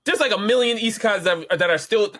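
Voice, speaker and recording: A man co-hosting a podcast in casual chat, animated and slangy, repeating himself as he argues. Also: high voice, a little fast. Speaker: podcast co-host.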